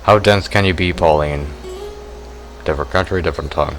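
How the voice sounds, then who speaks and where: A man playing through a visual novel, reading its text aloud in a slow, subdued, deliberate way. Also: extremely low pitch. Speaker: let's play gamer. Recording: game music playing behind.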